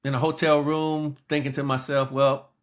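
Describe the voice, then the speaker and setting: A man's voice: mid-range voice, slow pace, a bit bright. A man in his sixties from Los Angeles, a guest telling his story in an interview and acting out quoted lines. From Los Angeles, United States. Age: 60s.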